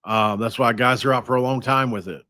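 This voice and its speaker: A man hosting a sports podcast, talking casually and thinking out loud with frequent restarts. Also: medium pitch, a little fast, no echo, studio quality. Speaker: podcast host.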